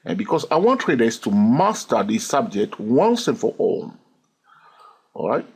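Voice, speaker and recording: A man's voice: medium pitch, big pitch swings, unhurried, husky. A man teaching a chart-reading lesson, who keeps checking in with his listeners and counts the waves aloud. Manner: checks in constantly with "okay?" and "yes or no?". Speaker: trading instructor.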